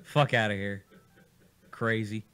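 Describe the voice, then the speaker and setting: A man hosting a casual radio studio show, animated and teasing, swearing freely as he jokes with his guests. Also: lowish voice, slow, clear, resonant tone.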